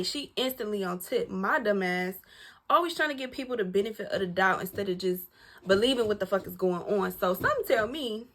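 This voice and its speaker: A woman telling a personal story to her viewers in a casual, animated, profane way, acting out the dialogue as she goes. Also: mid-range voice, brisk. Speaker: storytime vlogger.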